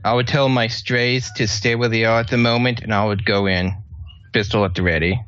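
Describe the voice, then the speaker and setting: A man's voice: medium pitch, steady tone, fairly quick, fairly bright tone, slight background noise. A man playing in a tabletop game, stating his character's plan with a few restarts. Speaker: player. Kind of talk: tabletop game play over voice chat. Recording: slightly dull lo-fi line.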